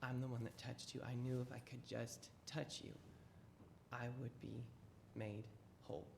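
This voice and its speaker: A desperate sick woman, as a church teacher puts her on pleads over and over as she pushes through a crowd. Her voice climbs high and loud when she insists, then drops low and soft when she confesses. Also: measured pace, a little hiss or hum, natural voice. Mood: quiet, confessing.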